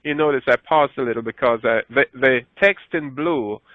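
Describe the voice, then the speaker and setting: A man's voice: normal speed, no echo. A man teaching a Bible lesson from slides, lifting his voice when he reads scripture aloud and stopping to correct himself. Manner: rises in pitch when reading scripture aloud, self-correcting. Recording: dry, phone-like narrow sound.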